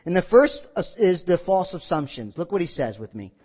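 A man preaching a sermon, telling stories with quoted voices and lively asides. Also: high-pitched, normal speed, husky. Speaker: pastor. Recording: muffled audio with long hall reverb.

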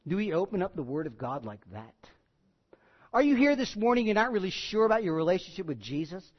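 A high-pitched male pastor delivers a sermon in a church hall with long echo. The recording sounds muffled and dull. He tells stories with lively emphasis and sinks into soft, earnest appeals. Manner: animated storytelling, rising to emphatic peaks and dropping to hushed appeals.

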